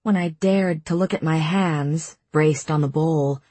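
A woman narrating a first-person audiobook in a measured, intimate way. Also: low voice, fairly even intonation, warm tone, husky, dry recording.

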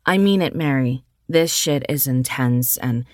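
A woman's voice: very deep voice, a little slow, no echo, studio quality. A woman doing a tough foul-mouthed protector. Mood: stern. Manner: blunt, threatening, swearing.

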